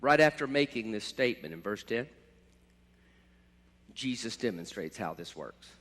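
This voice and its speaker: A man's voice: fairly low pitch, lively intonation, moderate pace. Impassioned male pastor in a reverberant hall. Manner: impassioned preaching with sudden loud swells. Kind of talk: sermon. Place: church sanctuary.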